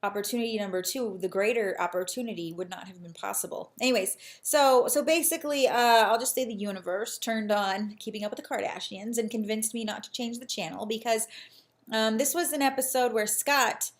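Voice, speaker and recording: A woman's voice: fairly high pitch, a little fast. A young adult woman talking earnestly to camera in a casual personal vlog, reflective and prone to restarting her sentences. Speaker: real estate agent and vlogger.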